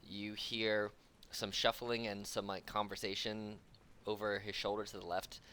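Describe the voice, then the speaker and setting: Bright-voiced man game-mastering casually. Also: on the low side, little pitch movement, a little slow, slight background noise. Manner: casual, loose with many fillers. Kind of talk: narrating a tabletop game.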